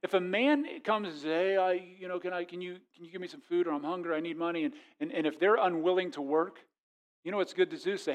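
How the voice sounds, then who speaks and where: Male pastor, high-pitched, animated sermon delivery that acts out voices, moving between booming and hushed. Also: quick pace. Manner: animated, acts out quoted voices, swings from loud to quiet.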